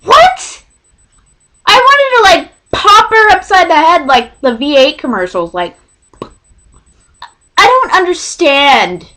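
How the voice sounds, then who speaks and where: A young woman from Texas telling a storytime vlog, rambling and excitable, often cutting herself off mid-sentence. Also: high voice, a little slow, long pauses, slight background noise. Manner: rambling, self-interrupting, excitable. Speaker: vlogger.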